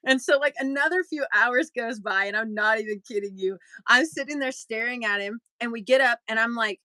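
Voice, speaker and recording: A young adult woman, a podcast co-host, telling a story in casual chat and acting out quotes with big jumps in pitch. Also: brisk, bright, forceful tone, dry recording, poor audio.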